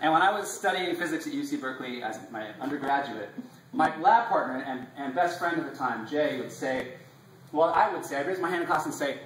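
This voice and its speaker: A man giving an impassioned, inspirational live talk, emphatic with drawn-out phrasing, recorded from a distance in a live salon room. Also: fairly high pitch, lively intonation, echoey room, background noise. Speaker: speaker presenting his class.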